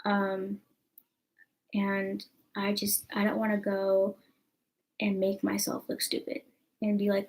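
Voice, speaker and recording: A woman's voice: medium pitch, monotone, a little slow, long pauses, darkish tone, poor audio. A young woman, rambling casually to camera in a chatty vlog with lots of fillers. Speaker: vlogger.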